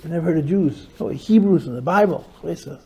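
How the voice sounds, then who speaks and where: A middle-aged man, a rabbi, telling a story to a small group with animated emphasis, stretching words as he goes. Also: fairly high pitch, a little fast, slightly rough, dull audio.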